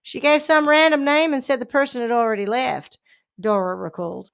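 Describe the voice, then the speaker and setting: A woman's voice: sits high, steady tone, a little fast, gravelly, clean tone. Woman reading a crime story. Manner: reads a news story with asides and laughs. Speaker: podcast co-host. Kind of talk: casual chat, reading a crime story aloud.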